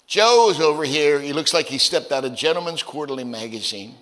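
In a church sanctuary, a male pastor preaches a sermon through folksy, conversational stories, stammering into repeats. He is animated and brisk with few pauses, sinking low before climbing to loud, emphatic peaks, and the sound carries the feel of a big room.

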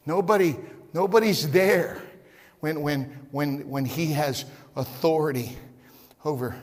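A man preaching a sermon as pastor, shouting at times and repeating words as he builds. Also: on the high side, a little slow, in a large hall. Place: church.

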